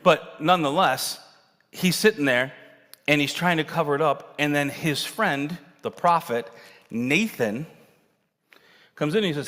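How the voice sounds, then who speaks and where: A male pastor preaching a sermon, telling Bible stories with animated acted-out dialogue. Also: fairly high pitch, normal speed. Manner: animated storytelling, acting out characters' lines. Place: church sanctuary. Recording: long hall reverb.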